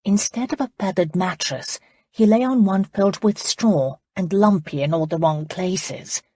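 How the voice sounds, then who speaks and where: A woman narrating an audiobook in a measured, steady storytelling manner. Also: medium pitch, husky, dry recording. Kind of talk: scripted narration.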